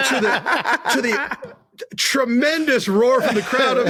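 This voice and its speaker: Man, podcast guest, very high, bright tone, husky edge, acts out crowd voices. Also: unhurried. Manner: animated storyteller acting out crowd voices. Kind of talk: casual podcast storytelling.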